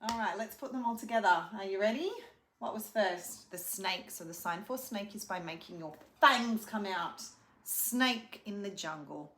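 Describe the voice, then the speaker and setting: A young woman speech pathologist leads a children's lesson, teaching hand signs and singing a simple animal song. Her mid-range, slightly bright voice is sing-song, slow and clearly paced for a child, with a roomy echo in the recording.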